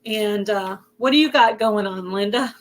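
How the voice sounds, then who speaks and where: A woman with a Southern US accent hosting a casual livestream chat. Her voice is hoarse, and she chats away and greets viewers by name. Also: mid-range voice, moderate pace. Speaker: host of a livestream.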